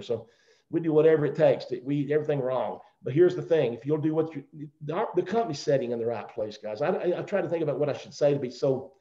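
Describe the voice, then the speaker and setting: Roomy, dull video call audio captures a middle-aged man with a Southern accent giving a joking, rambling motivational talk. Invited as a guest speaker on a company call, he has a voice on the high side with a dark tone.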